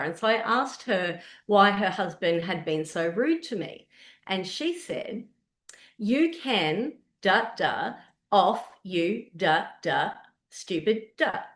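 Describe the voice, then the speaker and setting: A woman's voice: medium pitch, echoey room. A woman from Australia with an Australian accent, telling a personal story while presenting a webinar in a conversational way. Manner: conversational storytelling, animated asides.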